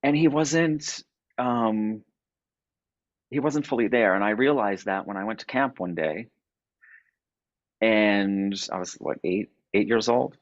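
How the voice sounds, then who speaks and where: A man telling a personal story, halting and repeating words as he goes. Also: on the low side, no room sound, highs cut off. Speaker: podcast guest.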